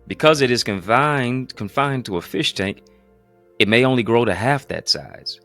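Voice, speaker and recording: A man's voice: medium pitch, moderate pace, a bit bright, faint music behind. A man preaching as a pastor, in an emphatic, repetitive cadence full of rhetorical questions. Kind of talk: motivational preaching.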